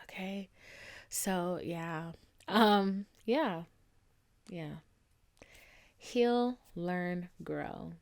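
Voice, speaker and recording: A woman's voice: lowish voice, drawn-out words, gravelly, pauses often, a little mellow. A young woman hosting her own podcast, talking casually with lots of fillers and an affectionate tone toward listeners. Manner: chatty, frequent fillers, affectionate sign-off. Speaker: podcast host. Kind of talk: casual solo podcast chat.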